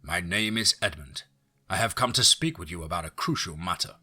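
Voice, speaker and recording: A man voicing a polite, formal older male visitor in a spoken horror story, courteous and measured. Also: low voice, lively intonation, bright, forceful tone, breathy edge, exaggerated voice.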